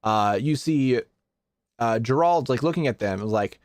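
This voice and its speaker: A man's voice: mid-range voice, lively intonation, unhurried, a little mellow, no echo, studio quality. A man narrating a tabletop game as game master, casual, filler-heavy and often laughing.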